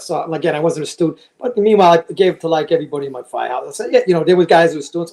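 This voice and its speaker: A man's voice: fairly high pitch, lively intonation, very fast, darkish tone. A man in his sixties, a retired fire lieutenant, telling casual stories as a podcast guest and acting out the voices of people he quotes. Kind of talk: casual storytelling.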